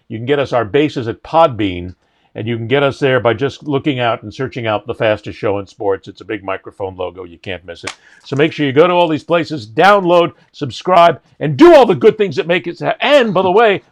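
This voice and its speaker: Man co-hosting a joking sports podcast. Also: medium pitch. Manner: jokey, plugging sponsors with mock hype. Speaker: podcast co-host. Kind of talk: casual sports talk.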